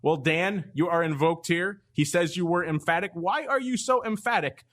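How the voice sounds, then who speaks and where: A man's voice: sits high, moderate pace, fairly bright tone. A man hosting a casual finance podcast, upbeat and reading listener questions aloud. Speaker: podcast host.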